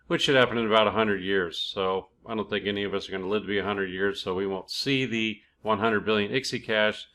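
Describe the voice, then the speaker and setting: A man with a slightly low voice hosts his own cryptocurrency video channel. He talks in a relaxed, chatty way, dropping in "uh" and "um" and correcting himself as he goes, and mixes loose explanation with passages read from a page. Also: a little fast, hardly any pauses. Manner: relaxed, conversational, with filler "uh" and "um" and self-corrections. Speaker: crypto YouTube channel host. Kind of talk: casual explainer, reading from a project page.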